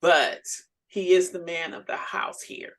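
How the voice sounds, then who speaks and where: A middle-aged woman co-hosting a relaxed faith conversation. She tells personal stories in plain everyday speech, breaking into laughs and lively quoted voices as she goes. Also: fairly low pitch, unhurried. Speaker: podcast co-host. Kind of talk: casual faith chat.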